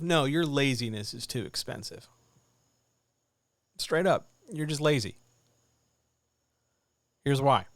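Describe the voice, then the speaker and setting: Hosting a live Q&A stream for writers, a man hands out blunt, animated advice in a casual, joking way. His voice is medium-pitched with no echo.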